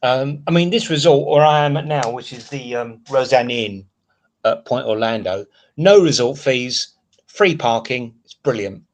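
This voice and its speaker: A man hosts a live chat stream, his voice sitting at an ordinary middle pitch. He talks in a loose, rambling way, venting his frustration and breaking off to answer viewers in the chat. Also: measured pace. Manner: frustrated rambling rant, reading out chat comments. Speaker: livestream host.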